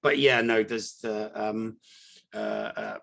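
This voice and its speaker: English male co-host, gravelly, dry and blunt, casual banter. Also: lowish voice, steady tone, slow pace, a bit bright. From England. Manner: blunt, dry, wry complaints. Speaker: podcast co-host. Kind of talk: casual chat.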